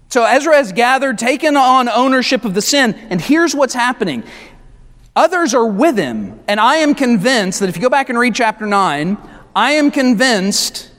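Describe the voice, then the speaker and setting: High-voiced pastor preaching in an echoing hall. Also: male voice, fairly bright tone. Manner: conversational preaching with asides to the congregation; slows down to stress key words. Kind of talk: sermon. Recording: long reverb of a large hall.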